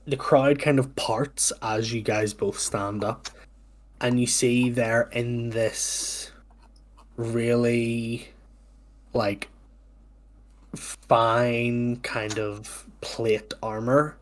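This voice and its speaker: A man narrating as game master, relaxed and hesitant, with many fillers. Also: medium pitch, extremely slow.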